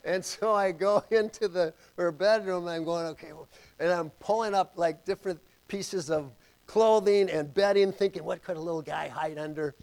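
An older man preaching a sermon and telling a personal story, moving from loud calls to hushed asides. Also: sits high, moderate pace, low-quality recording.

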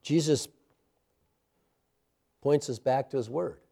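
A man preaching a sermon in a church sanctuary, with impassioned rises and a hushed closing prayer. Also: medium pitch, slow pace, creaky. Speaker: pastor.

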